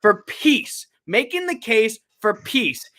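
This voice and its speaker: A man's voice: sits high, sing-song, takes it slowly, sharp tone. A man co-hosting a casual political podcast, talking in a sarcastic, profane way. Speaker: podcast co-host.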